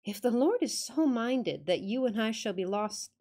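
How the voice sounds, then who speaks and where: A woman's voice: a little high, lively intonation, moderate pace, mellow, pitched above the performer's own voice. A woman reading the lines of an earnest young male traveler, eager and polite as he asks for shelter. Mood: eager pleading. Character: earnest young man traveler lost in snow.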